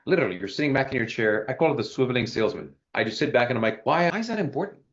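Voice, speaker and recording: A man in his thirties, a sales coach giving casual feedback, who talks fast and animatedly and acts out sample questions. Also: medium pitch, a bit bright, dull audio.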